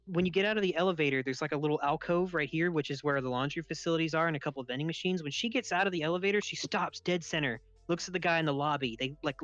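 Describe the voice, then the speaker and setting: A man's voice: fairly high pitch, no echo. Young man telling a swear-heavy story. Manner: animated, laughing, swears freely. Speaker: podcast host. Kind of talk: casual storytelling chat. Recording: dull lo-fi dry sound.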